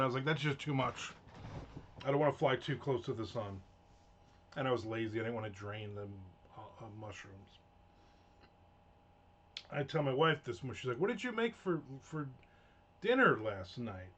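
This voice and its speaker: A man hosting a live stream, rambling through casual stories with frequent swearing. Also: medium pitch. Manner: rambling, profane, chatty storytelling. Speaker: livestream host. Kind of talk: casual chat while writing. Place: home room.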